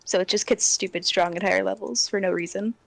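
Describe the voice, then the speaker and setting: A woman's voice: mid-range voice, fairly even intonation, fast, vocal fry, no echo. A woman chatting at a tabletop game table as a player, talkative and laughing often. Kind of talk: casual chat at a game table.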